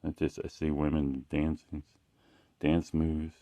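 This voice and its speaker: A man's voice: rumbling low, completely flat delivery, slow pace, mellow. A man talking casually about his art in a rambling, profane way, often stopping and restarting mid-sentence. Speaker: artist showing his work.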